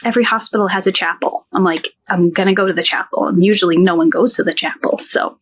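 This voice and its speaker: Podcast guest, woman, 30s, emotional first-person storytelling, halting delivery. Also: fairly low pitch, breathy edge. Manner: halting, many restarts, quotes others.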